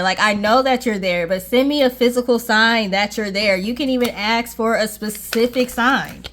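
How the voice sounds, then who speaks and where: A woman's voice: fairly high pitch, normal speed, hardly any pauses, fairly bright tone. A woman giving a casual tarot reading to viewers, reassuring and checking in with "okay?" often. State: briefly out of breath. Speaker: tarot reader.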